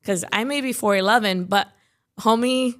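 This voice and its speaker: A woman's voice: on the high side, normal speed, a bit bright. A young woman from Chicago, a podcast guest, talking in a casual, chatty way and leaning heavily on "like" and "you know". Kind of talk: casual interview chat.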